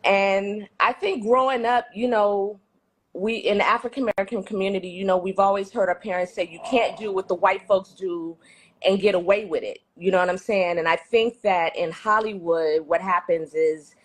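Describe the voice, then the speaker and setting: A woman from the Bay Area answers a street interview in a relaxed, thoughtful way, leaning on "you know". Her pitch sits in the middle. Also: moderate pace. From San Francisco Bay Area.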